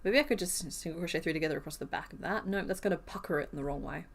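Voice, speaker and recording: A woman's voice: fairly low pitch, rapid-fire, creaky. Chatty woman crocheting on stream. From Western Australia. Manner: chatty, counts stitches half under her breath, laughs easily. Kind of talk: casual live-stream chat while crocheting.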